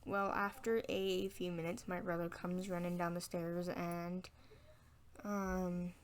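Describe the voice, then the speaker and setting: A woman's voice: lowish voice, little pitch movement, slow pace. A young woman telling a personal story on her vlog, frank and candid, acting out what people said. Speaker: vlogger.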